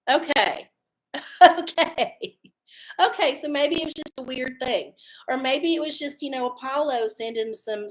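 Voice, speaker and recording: A woman hosting her own livestream, chatting casually and swearing freely. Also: fairly high pitch. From Texas. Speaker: livestream host. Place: home studio under hot lights.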